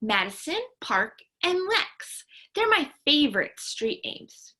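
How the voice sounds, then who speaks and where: A woman's voice: high-pitched, sing-song, slow pace, bright, forceful tone, pitched above the performer's own voice, heavily acted. A woman voicing an eager schoolboy in a read-aloud storybook, exclaiming his lines. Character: excitable schoolboy classmate.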